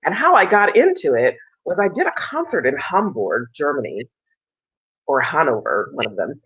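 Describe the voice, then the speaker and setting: This soprano, interviewed on a video call, has a low, husky speaking voice at a moderate pace. She tells her story with animation, performing the characters' quoted lines in a raised voice, and the recording is dull and lo-fi.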